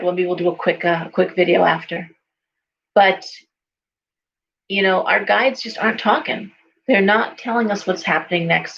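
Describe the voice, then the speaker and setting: A woman's voice: on the low side, creaky, lo-fi sound, slight background noise. A woman in her forties talking casually, a chatty storyteller who acts out the voices she quotes. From California. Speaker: psychic shop owner and host. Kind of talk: casual talk to camera.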